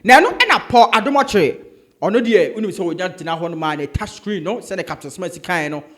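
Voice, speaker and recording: A man narrating a news recap as a voice-over in an emphatic, excitable way. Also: high-pitched, normal speed. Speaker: channel narrator.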